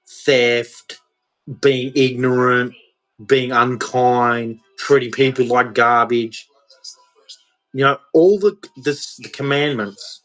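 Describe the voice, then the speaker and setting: A man's voice: mid-range voice, a bit bright, rough recording. Agitated man in his forties. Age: 40s. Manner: agitated, ranting, repeats himself. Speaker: vlogger. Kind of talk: emotional monologue to camera.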